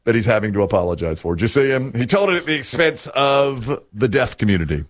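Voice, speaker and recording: Brief: talk show host, man, casual rambling joke-teller, animated. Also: medium pitch, fast talker. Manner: chatty, rambling joke-telling. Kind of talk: casual chat.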